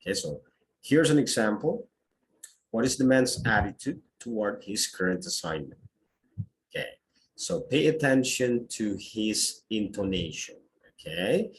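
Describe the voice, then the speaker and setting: Slow, lively-voiced male teacher. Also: fairly low pitch. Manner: explanatory, with frequent "okay" check-ins. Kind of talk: test-prep lecture.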